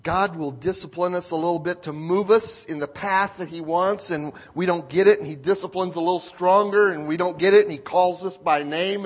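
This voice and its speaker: Male pastor, high voice, sermon with storytelling and acted-out asides, frequent throat clearing. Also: normal speed, hardly any pauses. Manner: storytelling, acts out quotes, clears throat often. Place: church stage.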